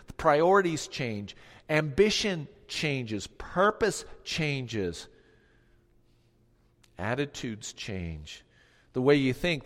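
A man preaching a sermon as pastor, moving between quiet, hushed passages and loud, emphatic ones, repeating key phrases and calling on the congregation to answer. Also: mid-range voice. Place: church sanctuary. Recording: long hall reverb.

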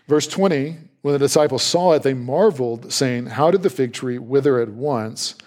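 This is a pastor's sermon, delivered in a chatty, animated manner by a man who jumps up in pitch to voice reactions and tosses in playful asides.

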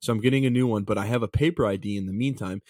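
A young man in his twenties with a fairly low voice, recorded dry and close. He talks in a relaxed, slangy way, full of dudes and the odd curse word. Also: racing, dry recording. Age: 20s. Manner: laid-back, swears casually, says dude a lot. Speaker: podcast co-host. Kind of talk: casual chat.

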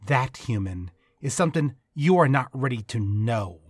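A man voicing a cold, scornful supernatural woman who talks slowly and down to humans. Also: mid-range voice, expressive, husky, no echo, studio quality. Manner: slow, scornful.

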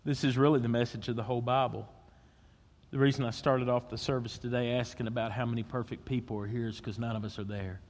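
A man preaching a sermon as pastor, swinging between loud emphasis and hushed, intimate tones. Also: medium pitch, level tone, fast, in a large hall.

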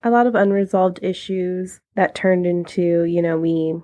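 A woman's voice: fairly low pitch, measured pace, dark tone. A woman of thirty, hosting a casual solo podcast and speaking candidly and chattily with frequent laughs. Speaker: podcast host.

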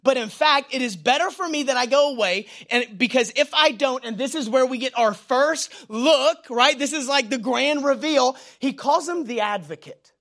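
A young male pastor with a drawl preaches with a bright, ringing edge to his voice. He shifts from loud emphatic lines down to hushed prayerful murmurs, with informal jokes and stories along the way. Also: very high-pitched, moderate pace, few pauses. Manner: swings between loud emphatic preaching and quiet prayerful asides. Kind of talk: sermon.

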